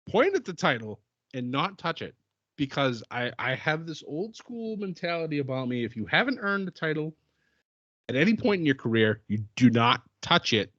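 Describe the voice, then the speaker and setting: A man's voice: on the high side, sharp tone, no room sound, muffled recording. A man co-hosting a podcast, chatting eagerly about wrestling and laughing often. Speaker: podcast co-host. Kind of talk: casual wrestling chat.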